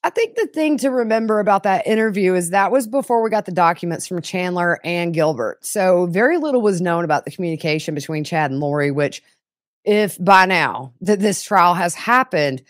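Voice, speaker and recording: Woman, low pitch, casual animated interview talk, dry sound. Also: dry recording. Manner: animated, candid, quick asides. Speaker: podcast guest, trial reporter.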